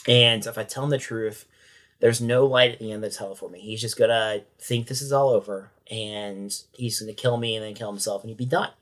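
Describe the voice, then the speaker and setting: A man's voice: lowish voice, steady tone, a little fast, a bit bright. Matter-of-fact man recounting a story. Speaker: sheriff's corporal, podcast guest. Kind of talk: interview storytelling.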